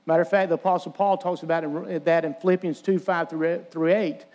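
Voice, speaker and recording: Earnest male preacher, higher voice, retells scripture and voices the mockers. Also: fairly even intonation, a little fast, darkish tone. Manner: earnest preaching, quoting scripture, acting out taunts. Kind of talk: sermon.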